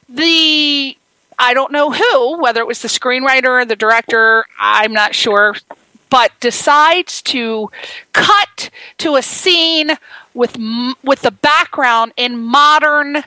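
A high, bright woman's voice, close and dry in the mic. She hosts a casual interview show and gushes in an animated, exclamatory way. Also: measured pace, dry recording, rough recording. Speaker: host.

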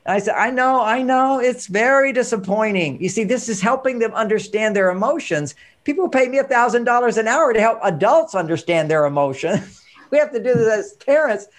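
A man coaching parents on emotions, telling stories and acting out the dialogue in an animated way. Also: high voice, brisk. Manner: animated storytelling, acts out dialogue. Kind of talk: instructional talk with anecdotes.

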